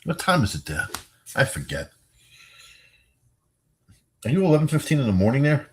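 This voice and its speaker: Older male streamer, worn out and yawning, husky voice, loose profane chat with viewers. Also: mid-range voice, wildly swooping pitch, moderate pace. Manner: rambling, profane, chatting with viewers. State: tired, yawning. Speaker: livestream host. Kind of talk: casual late-night livestream chat.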